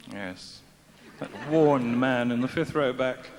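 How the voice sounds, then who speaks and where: This middle-aged man speaks in a mid-range, unhurried voice, with a little hiss or hum on the recording. He's a comic speaker doing dry, self-mocking material for a live crowd through a stage mic. The setting is a large festival venue whose echoey hall holds faint ambience.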